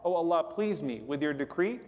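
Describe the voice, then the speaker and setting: Guy giving a sermon, pretty high voice, slow and explaining, lots of reverb. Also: lively intonation, a little mellow. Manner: explains slowly, repeating Arabic supplications then translating.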